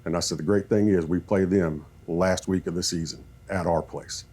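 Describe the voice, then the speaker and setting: Low husky-voiced man telling coaching stories. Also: normal speed. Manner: animated storyteller, acts out quoted talk. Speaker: guest football coach. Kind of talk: storytelling in podcast chat.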